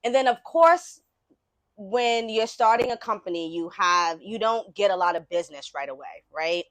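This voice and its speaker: A woman's voice: medium pitch, animated, moderate pace, a bit bright, no room sound. A woman author at a book signing, telling a personal story to an audience in a conversational way, often checking in with "right?".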